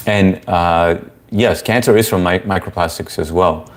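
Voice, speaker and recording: A man's voice: low voice, a little slow. A young man hosting a casual live-stream Q&A, chatting loosely and reading viewer comments aloud. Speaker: livestream host answering chat.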